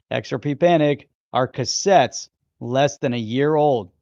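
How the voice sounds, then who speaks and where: A jokey male co-host with a gravelly voice, talking casually on a stream. The sound is dry and a bit dull, with a lo-fi quality. He chuckles through his lines and keeps the chat loose. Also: medium pitch, slow pace, mellow, dry recording. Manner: jokey, laughs easily.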